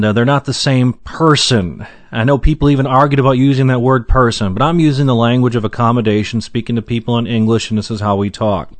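A man in a middle voice teaches the Bible verse by verse, earnest and measured. He slows down to stress quoted lines and often pauses on fillers. The sound is close and dry, with no room echo. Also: medium pitch.

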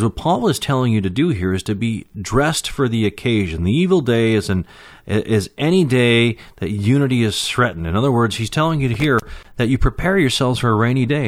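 A middle-aged male preacher teaching verse by verse, pausing on filler sounds and slowing down to read quoted verses. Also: medium pitch, no room sound, studio quality. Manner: explains Greek terms, frequent uh fillers, slows for quoted verses.

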